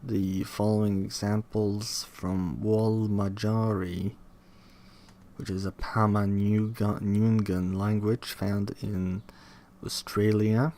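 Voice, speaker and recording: A man reading aloud from a linguistics textbook, halting, restarting words and questioning the text as he goes. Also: lowish voice, level tone, dark tone. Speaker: reader studying a linguistics textbook. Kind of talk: reading aloud with self-commentary.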